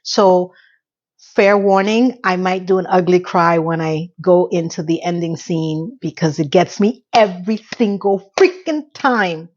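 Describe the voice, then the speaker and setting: A woman's voice: a little slow, darkish tone, lo-fi sound. Chatty woman recapping a TV episode. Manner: chatty, acts out quotes with shifting pitch. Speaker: recap host.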